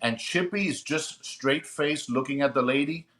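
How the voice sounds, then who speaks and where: Here a middle-aged man who retired as a police sergeant narrates a story in an upbeat, conversational podcast, regularly checking in with listeners. His voice sits fairly high, and he talks at a normal speed.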